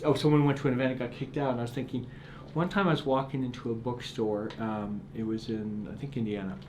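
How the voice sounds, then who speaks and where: A man's voice: medium pitch, steady tone, fast, darkish tone. Middle-aged male author, earnest storytelling guest, stumbles into sentences, faint background hiss. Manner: earnest, repeats words when starting sentences. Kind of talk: reflective storytelling interview.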